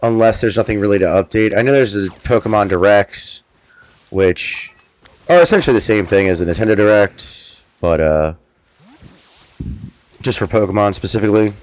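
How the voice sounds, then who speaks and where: Man, streamer, low voice, casual, rambling, offhand, swears. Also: normal speed. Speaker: streamer host. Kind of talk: casual gameplay commentary.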